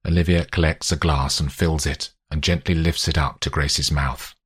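A man narrating an audiobook in a measured, expressive way. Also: very deep voice, breathy edge. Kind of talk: scripted narration.

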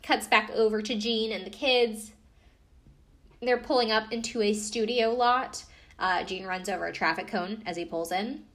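A woman's voice: a little high, steady tone, normal speed, fairly bright tone. A woman hosting a podcast, recapping a TV show in a casual, rambling way full of fillers and asides. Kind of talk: casual chat.

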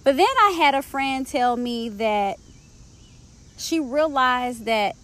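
A woman hosting a podcast, talking candidly about painful events in a searching, personal way with casual slang, and reading a book passage aloud slowly. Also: high voice, fairly bright tone. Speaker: podcast host. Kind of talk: personal reflective monologue.

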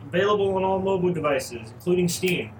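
Laid-back male guest, slightly high voice, echoey room with faint hiss. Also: animated, fast. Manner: laid-back, hesitant, uses fillers. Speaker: podcast guest. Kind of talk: casual podcast chat.

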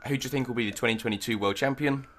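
A man hosting a podcast, reeling off quickfire questions in a brisk, casual way. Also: mid-range voice, a bit bright. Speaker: podcast host.

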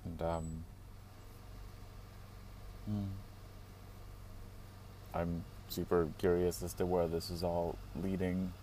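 A man's voice: low-pitched, level tone, slow pace, long pauses, warm tone, a little hiss or hum. A man talking casually to the camera from his parked car, rambling with lots of fillers and chuckling asides. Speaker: vlogger.

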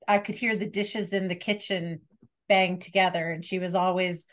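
A young woman hosts a relaxed podcast conversation. She is chatty and shares personal stories. She keeps the talk moving with quick affirmations. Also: fairly low pitch. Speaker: podcast host. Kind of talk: casual podcast interview.

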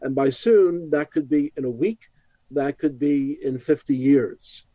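A man from Brooklyn with a New York accent, a rabbi speaking as a guest in an interview and calmly teaching from scripture. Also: fairly high pitch, no room sound, highs cut off. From Brooklyn, New York, USA. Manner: measured, reflective, quotes scripture. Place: home studio, New York metro area.

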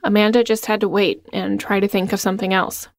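A woman delivers scripted documentary narration, moving along in a steady, even tone. The voice is mid-pitched and recorded close and dry. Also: fairly quick, dry recording.

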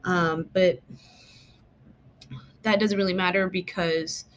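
A woman with a fairly low voice talks through an episode recap in a loose, chatty way, leaning on fillers and winding back on herself. She breaks off now and then with emphatic, mock-exasperated asides. A faint hum of room noise sits under her voice. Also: fairly even intonation, slow. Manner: chatty and rambling, many fillers. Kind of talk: casual spoken episode recap.

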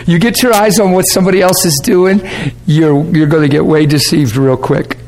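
A man's voice: on the high side, fairly even intonation, moderate pace, a little mellow. A male pastor teaching a class in a conversational way, checking in with listeners and often breaking into laughter. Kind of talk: sermon teaching. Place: warm classroom or church hall.

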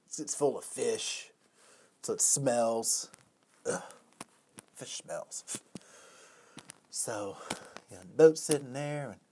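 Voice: medium pitch, darkish tone. A storyteller telling a long joke in a casual, rambling way, full of "you know" and "whatever".

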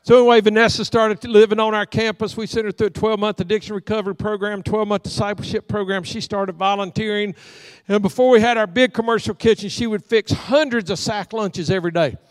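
A man's voice: sits high, steady tone, fast talker, dry recording, big-room sound. A middle-aged man preaching a storytelling sermon in a church sanctuary, acting out the voices in his folksy stories. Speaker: pastor.

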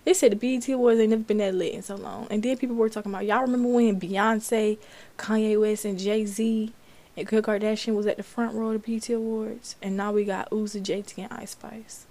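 A woman's voice: medium pitch, little pitch movement, brisk, dark tone. A young woman from Florida hosting a podcast, chatting casually about celebrity news, reading articles aloud and reacting. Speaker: podcast host. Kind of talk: casual commentary.

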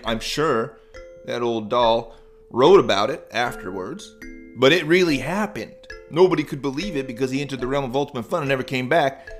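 A man's voice: mid-range voice, natural voice. A man voicing a friendly, easygoing talking bluebird in a children's story.

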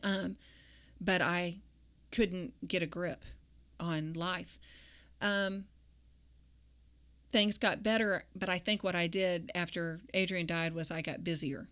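A woman with a somewhat low voice talks about her faith. She speaks reflectively, pausing often and using many fillers. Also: steady tone, fairly bright tone. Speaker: guest; grieving mother. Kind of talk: personal faith interview.

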